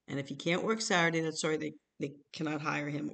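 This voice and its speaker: A woman's voice: low voice, a little fast, creaky, hardly any pauses. Older woman telling family stories. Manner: animated, chuckling, acts out voices in her stories. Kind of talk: casual storytelling.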